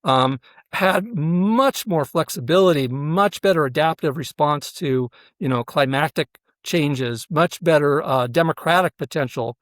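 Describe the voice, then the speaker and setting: A man with a slightly raised pitch talks through his ideas in a dry, close-sounding recording. He explains earnestly, leans on fillers, and keeps checking in with "right?" as he builds his argument. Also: a little slow, fairly bright tone, no echo. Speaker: professor and researcher, interview guest. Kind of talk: explanatory interview talk.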